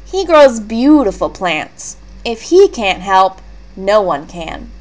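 A woman reading a gentle patient mother. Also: medium pitch, sing-song, slow pace. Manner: gentle and reassuring.

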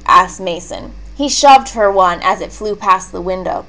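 A woman reading a leveled children's book aloud, clear and expressive. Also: medium pitch, unhurried, hardly any pauses. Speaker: storybook reader.

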